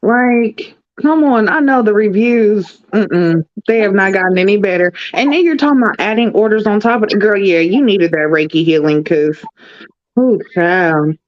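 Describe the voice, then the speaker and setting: A woman co-hosting a casual recap chat, sassy and animated, calling everyone girl. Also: medium pitch, normal speed, muffled recording. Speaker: podcast co-host.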